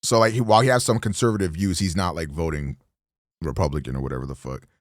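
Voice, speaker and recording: A man streaming a casual, profane reaction commentary, rambling and animated. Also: low-pitched, fast talker, dry recording, studio quality. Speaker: streamer host.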